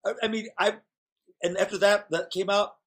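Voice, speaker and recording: Husky guy rambling through candid stories, slightly high voice. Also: steady tone, moderate pace, fairly bright tone. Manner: rambling storyteller, playful and candid. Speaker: guest performer. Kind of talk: casual chat.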